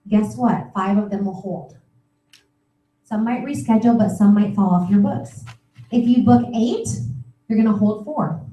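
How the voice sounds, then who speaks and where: A middle-aged woman coaching with a bright, peppy energy, her voice sitting a little high and warm in tone. She sounds some distance from the mic in a roomy, echoey space. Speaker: sales trainer. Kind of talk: live training talk. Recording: echoey room, voice from far off the mic.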